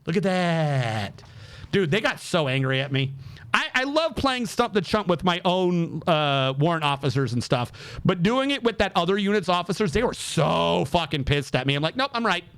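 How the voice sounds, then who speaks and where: A young man streaming, telling a story in a casual, animated way, swearing freely and acting out the exchanges he describes. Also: fairly high pitch, moderate pace. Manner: animated, profane, acts out quoted exchanges.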